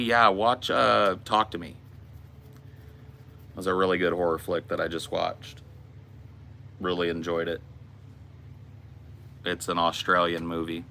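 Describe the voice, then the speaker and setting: Brief: low-voiced American host, laid-back and blunt, slight hiss in the background. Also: male voice, vocal fry, sharp tone. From United States. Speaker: podcast host. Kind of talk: casual Q and A with chat.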